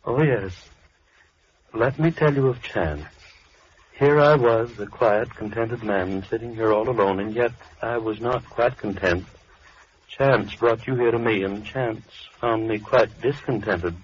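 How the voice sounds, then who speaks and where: Male actor as a quiet, sinister recluse with slow, chilling politeness. Low voice, 1940s radio play, dull old broadcast sound. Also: slight background noise, natural voice. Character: soft-spoken menacing lonely male recluse. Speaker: villain.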